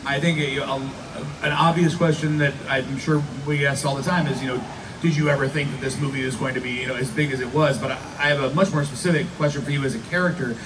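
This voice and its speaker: A man moderating a live fan panel, asking measured, thoughtful questions. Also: mid-range voice, steady tone. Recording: distant mic with background noise.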